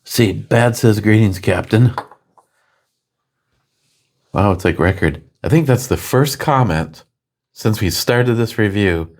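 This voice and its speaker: Male co-host of a beer review, low and unhurried, laid-back with a joking edge. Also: expressive. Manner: joking, reads viewer comments aloud. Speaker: beer review co-host reading chat comments. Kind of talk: casual chat.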